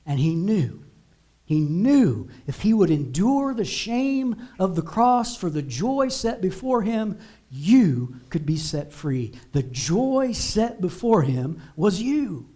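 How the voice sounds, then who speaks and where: A male pastor preaches a sermon in an unhurried, measured cadence. His voice sits a little high for a man, and he builds his points through emphatic repeated declarations. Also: sing-song, mellow. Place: church sanctuary.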